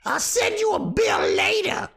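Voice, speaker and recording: A man voicing a sassy, shrill woman with a sharp tongue, brash and mocking. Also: lively intonation, unhurried, vocal fry, full character voice.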